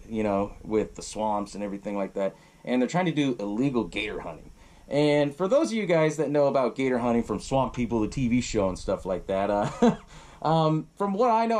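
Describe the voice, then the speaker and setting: A man's voice: mid-range voice, a little mellow. A man hosting a podcast, casually retelling a horror film and swearing freely while he laughs along. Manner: loose, profane, laughing often. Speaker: podcast host.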